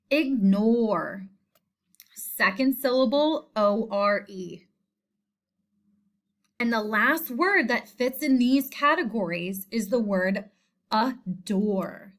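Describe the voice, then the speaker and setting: Woman teacher, slightly high voice, slow and deliberate, patient classroom delivery. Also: animated. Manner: slow, clear, patient explaining. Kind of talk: recorded spelling lesson.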